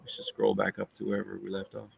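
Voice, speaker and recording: A man co-hosting a casual live-stream podcast, chatty and quick to laugh. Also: fairly low pitch, gravelly, breathy edge, no echo. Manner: animated, laughs often, chatty asides. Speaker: podcast co-host.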